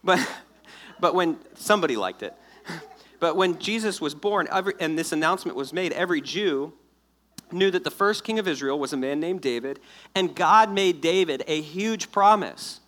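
A man preaching a sermon to his congregation, explaining scripture in a lively, joking way and acting out the people in the story. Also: fairly high pitch, moderate pace. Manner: animated, jokey storytelling with acted-out asides. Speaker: pastor.

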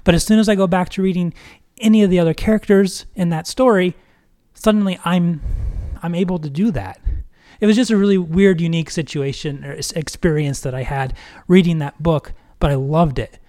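Earnest man with a slightly high voice. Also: brisk, a little mellow. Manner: earnest and reflective. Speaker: podcast co-host. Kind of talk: casual podcast chat.

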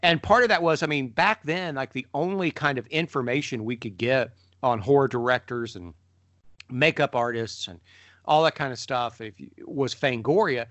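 A middle-aged man co-hosting a podcast, telling stories in a lively way and jumping up in pitch when he mimics people. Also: moderate pace, dry recording. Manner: animated storyteller, mimics voices with sudden pitch jumps. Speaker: podcast co-host. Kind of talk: casual conversation.

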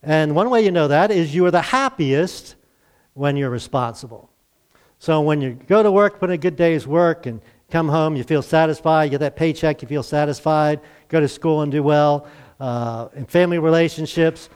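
A man's voice: on the high side, moderate pace, clean tone. A middle-aged male pastor giving a sermon in a conversational way, with fillers and questions to his congregation.

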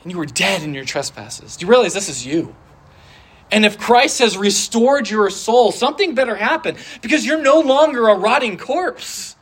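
A preacher delivering a sermon in an animated, conversational way, repeating phrases for emphasis. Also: medium pitch, moderate pace, breathy edge.

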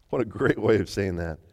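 Stammering preacher in a reverberant hall. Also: male voice, on the low side. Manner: animated storytelling with frequent stammered restarts. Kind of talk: sermon.

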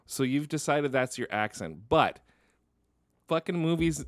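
A man's voice: on the high side, lively intonation, unhurried, no room sound. Young man with a Northern Michigan accent, dry sound. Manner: earnest, swearing, thinking aloud. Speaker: podcast co-host. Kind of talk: casual movie commentary chat.

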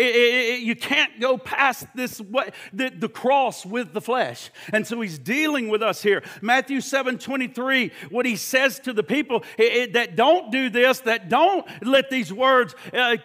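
A man preaching a sermon, emphatic and pressing, stumbling over repeated words and firing rhetorical questions at his listeners. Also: extremely high pitch. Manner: shouts at points.

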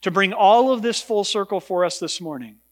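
A man's voice: high voice, normal speed. A male pastor preaching a sermon in a church, emphatic and repeating words for stress. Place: church sanctuary. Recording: long reverb of a large hall.

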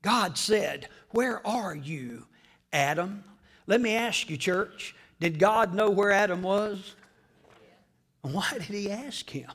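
A man preaching a sermon to a church congregation, swinging between hushed whispers and loud, dramatic shouting. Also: high voice, lively intonation, slow pace, breathy edge. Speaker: pastor.

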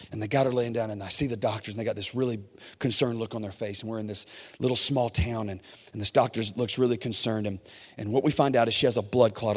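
A man in his thirties, a pastor preaching a sermon in an animated, emphatic way with many repetitions. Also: mid-range voice, long reverb tail.

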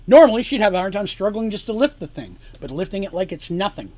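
A man's voice: high-pitched, sing-song, quick pace, a little mellow. A man acting as game master, narrating a tabletop campaign story and breaking off to explain the rules and lore.

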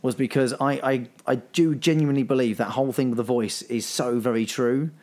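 A man's voice: medium pitch, steady tone, brisk, a little mellow. A man talking as a guest on a podcast, rambling with frequent restarts and repeated words. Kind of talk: casual chat.

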